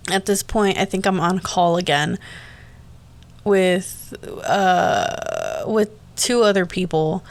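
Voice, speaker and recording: A young man hosts a casual solo podcast and tells a long, rambling story. He talks in an animated, easygoing way. He breaks off with little laughs and quick hushed asides. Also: high voice. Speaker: podcast host.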